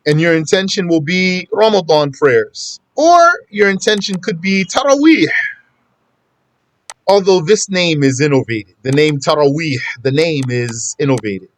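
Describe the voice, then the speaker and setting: A man's voice: fairly high pitch, animated, measured pace. A man teaching a casual religious lesson, talking conversationally and repeating his points for emphasis. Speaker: Islamic teacher.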